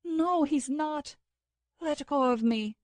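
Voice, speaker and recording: A woman's voice: high-pitched, slow pace, a little mellow, no room sound, clean studio sound, pitched above the performer's own voice. A woman voicing a distraught young woman who pleads urgently over a wounded friend, in a raised, tearful voice. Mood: frantic.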